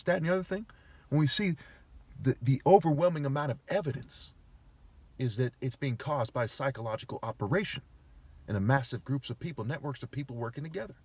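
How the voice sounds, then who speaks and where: A vlogger with a slightly high voice, recorded dry, rants straight into the camera. His monologue is agitated and argumentative, full of swearing, and he sounds aggrieved.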